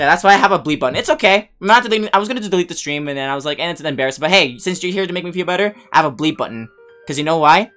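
A man hosting a casual gaming livestream on a headset mic, excitable and swearing, flipping between mock rage and cheerful chat. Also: high-pitched, clear, resonant tone. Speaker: streamer host.

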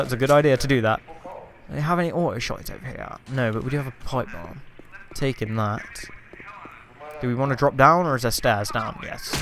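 A man giving chatty, sarcastic gameplay commentary, taunting enemies as he goes. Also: mid-range voice. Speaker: let's play host.

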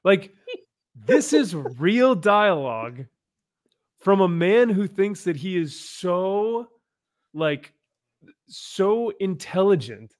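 A man's voice: high-pitched, sing-song, takes it slowly, pauses often. A man hosting a live comics chat show, reading scenes aloud in mocking voices and laughing with his co-hosts. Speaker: comic book show host. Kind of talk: casual live-stream chat.

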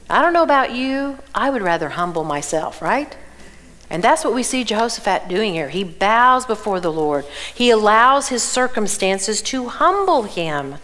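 A woman with a Southern US accent, teaching the Bible to a women's conference and asking the audience questions. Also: medium pitch. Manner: animated, asks the audience questions. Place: church auditorium.

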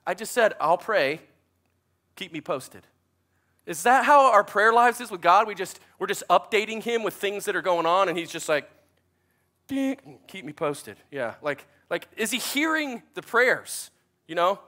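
A man's voice: high voice, pushed and bright. A man, preaching a sermon in a chatty, self-deprecating storytelling way. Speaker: pastor.

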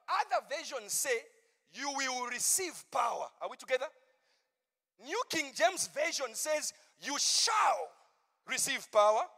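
A pastor preaching a campmeeting sermon, moving from hushed asides to shouted, drawn-out proclamations. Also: male voice, very high-pitched, in a large hall.

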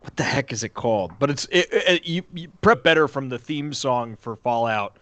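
A man's voice: mid-range voice, expressive, normal speed, sharp tone, no echo. A man playing in a tabletop game, chatting casually in a playful, jokey way. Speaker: player. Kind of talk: casual pre-show chat.

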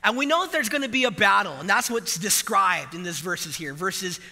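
A man preaching a sermon as pastor to a live congregation, animated and emphatic, quizzing the church. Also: sits high, moderate pace, gravelly, in a large hall, faint music behind.

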